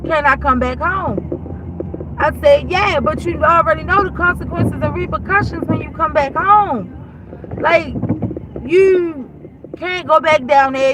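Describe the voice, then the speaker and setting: Blunt, high-voiced woman telling a story. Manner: blunt, profane, animated retelling with many "I said". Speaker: host. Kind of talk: casual storytelling monologue. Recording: noisy background.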